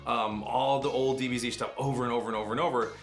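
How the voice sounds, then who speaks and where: A middle-aged man, a voice actor, telling animated stories in a casual interview. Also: medium pitch, soft background music. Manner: fast, animated anecdotes with quick asides.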